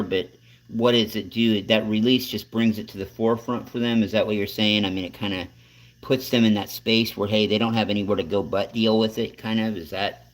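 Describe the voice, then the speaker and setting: A man hosting a casual talk show, asking long rambling questions that restart and drift, with some swearing. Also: fairly low pitch. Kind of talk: casual interview chat.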